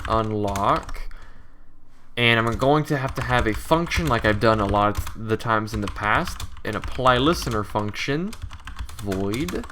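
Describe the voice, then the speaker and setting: A young man with a nasal, irritated-sounding throat gives casual commentary while coding his game, rambling, self-correcting, and thinking aloud as he types. His voice is fairly low with a sharp tone, and there's slight background noise. He's a game developer.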